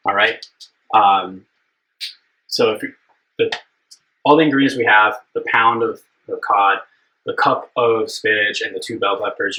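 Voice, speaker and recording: A man's voice: lowish voice, pushed and bright, rough recording. A young man hosting a live cooking stream, chatting casually and upbeat with his viewers, rambling with plenty of fillers.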